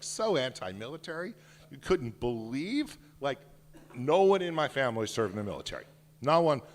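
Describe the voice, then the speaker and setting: A man in his sixties, a children's book author, giving an animated talk and reading his picture book aloud with emphasis. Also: mid-range voice. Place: synagogue hall. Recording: echoey hall reverb.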